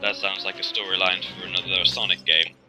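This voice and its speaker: A man's voice: low voice, little pitch movement, brisk, music in the background, low-quality recording. Rambling joking male game commentator. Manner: rambling, joking, full of ums. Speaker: let's-play host. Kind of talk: casual gameplay commentary.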